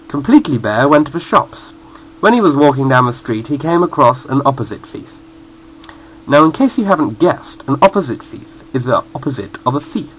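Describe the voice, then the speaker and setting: A man reading a children's bedtime story in a playful, expressive way. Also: medium pitch, slight background noise, poor audio.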